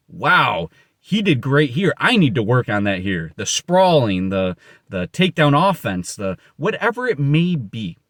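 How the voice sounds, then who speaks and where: A man's voice: mid-range voice, no echo, studio quality. A man giving an unscripted motivational monologue, blunt, boastful and profane, rambling and correcting himself as he goes. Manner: emphatic, rambling with self-corrections. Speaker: motivational speaker.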